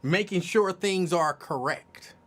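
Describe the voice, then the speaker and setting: Bright-voiced man host. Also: high-pitched, takes it slowly. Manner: relaxed, laughing, corrects people. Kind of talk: casual radio talk.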